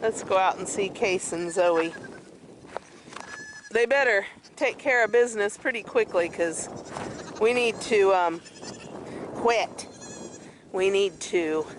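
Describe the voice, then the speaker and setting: A woman's voice: medium pitch, a little slow, long pauses. A woman vlogging casually outdoors on her goat farm, chatty and affectionate as she talks into a handheld camera. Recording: noisy outdoor farm, with goats bleating.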